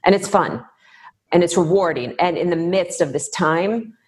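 A middle-aged woman from the United States, answering interview questions in a thoughtful, measured way with pauses. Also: fairly low pitch. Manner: thoughtful, measured, pausing to find words. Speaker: podcast guest.

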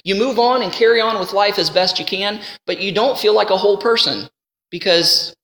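A man teaching a sermon in a conversational, animated way, slowing down to read scripture. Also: sits high. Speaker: Bible teacher. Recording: roomy hall with long reverb.

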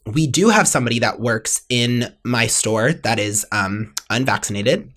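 A woman's voice: very deep voice, lively intonation, measured pace, fairly bright tone. A young woman co-hosting a podcast, talking casually with many fillers and an exasperated, ranting manner. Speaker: podcast co-host. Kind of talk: casual chat.

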